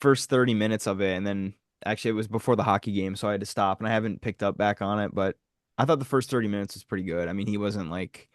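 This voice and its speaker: A man co-hosting a podcast, telling a story in casual, profane chat with animated delivery. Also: on the low side, fast, no echo, studio quality. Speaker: podcast co-host.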